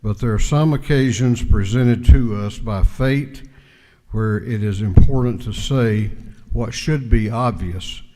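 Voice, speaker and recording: A man delivers a formal speech from a podium, taking his time and leaning into measured pauses. His voice is mellow and darkish in tone. A long reverb trails each phrase through the large chamber. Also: on the low side. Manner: slow, deliberate oratory with pauses. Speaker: speaker of the house presenting a resolution.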